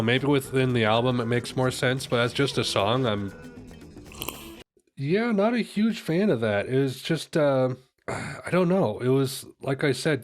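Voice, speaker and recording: A young man chatting casually while reacting to music, rambling and correcting himself with joking asides. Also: medium pitch. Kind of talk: casual chat.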